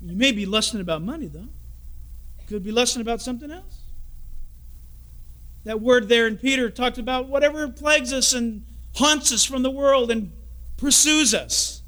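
A man's voice: extremely high pitch, normal speed, long pauses. A man preaching a sermon, telling stories and jokes and acting out the people in them. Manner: animated storytelling, acts out characters in the story.

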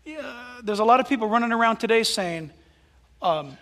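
A man preaching a sermon as a pastor, telling stories with animated delivery and dropping into soft asides. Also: very high voice, moderate pace, in a large hall.

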